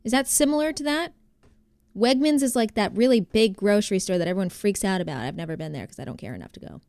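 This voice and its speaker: Reading viewer messages on stream, a young New Jersey woman chats in a loose, rambling way, full of "like"s, tangents and other fillers. She talks fast and animatedly at an ordinary middle pitch with a darkish tone. The recording is close and dry, with no echo.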